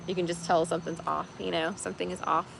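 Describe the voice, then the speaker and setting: A woman's voice: fairly low pitch, flat delivery, fast talker, vocal fry, noisy background. A woman chatting casually on a livestream as a tarot reader host, rambling with many fillers and laughing easily. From United States.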